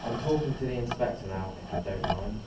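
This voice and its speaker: A young man reading as a haughty, status-proud society mother, delivered plainly and haltingly at an ordinary pitch. The voice sits in a roomy, echoing classroom with clear background noise behind it. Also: distant mic, lightly acted. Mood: offended. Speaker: student reading a part aloud.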